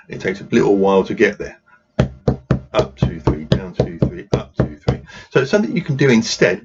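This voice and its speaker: A man running a drumming workshop, patiently explaining rhythms and counting beats aloud while he plays. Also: fairly low pitch. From England. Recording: dull lo-fi sound with noise.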